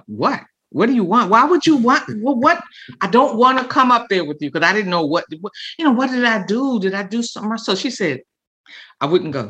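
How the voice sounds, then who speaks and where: An older woman, a guest on an interview show, telling stories in an animated and expressive way, acting out the voices she quotes. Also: low-pitched. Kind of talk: storytelling in a podcast interview.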